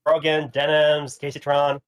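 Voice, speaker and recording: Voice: mid-range voice, completely flat delivery, measured pace, dry recording. Caller with a fake Indian accent. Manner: insistent, repeats questions. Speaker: caller in a debate. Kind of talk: heated argument.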